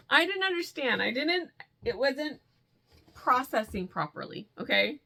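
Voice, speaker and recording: A woman vlogging about yarn in a casual, gushing way, laughing easily. Her voice sits a little high and has a gravelly fry in it. She talks straight to her viewers like old friends. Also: measured pace. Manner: excited, gushing, laughs often. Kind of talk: casual chat to camera.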